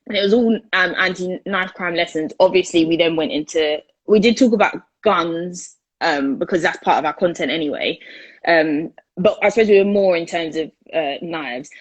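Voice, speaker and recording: A peer educator speaks in a husky, slightly low voice. She talks earnestly and with animation in a casual discussion. The sound is dry and close. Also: normal speed, no room sound. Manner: earnest, animated, repeats words for emphasis.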